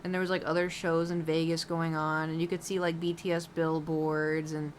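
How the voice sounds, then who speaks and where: A woman's voice: low-pitched, level tone, moderate pace, slight background noise. A woman streamer chatting casually while painting, rambling with lots of fillers and giggles.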